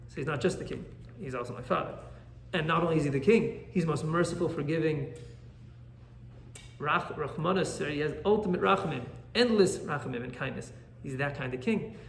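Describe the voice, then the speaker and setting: Animated rabbi with a gravelly voice. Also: male voice, a little high, a little fast, roomy sound, slight background noise. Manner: animated, asks "right?" often. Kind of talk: Torah class.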